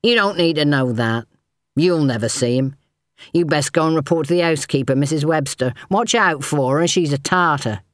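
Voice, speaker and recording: A woman's voice: low-pitched, normal speed, no room sound, close to an everyday voice. A sneering, swaggering young footman, as a woman reader voices him in a storybook. He mocks and taunts in a pushy, withering tone. The recording is dry and close. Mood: taunting. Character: sneering thin young male footman, bullying.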